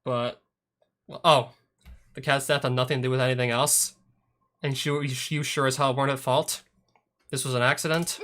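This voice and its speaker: A man's voice: mid-range voice, little pitch movement, moderate pace, pauses often. Man reading a visual novel aloud. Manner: sardonic asides with swearing. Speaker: let's play host. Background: soft guitar music.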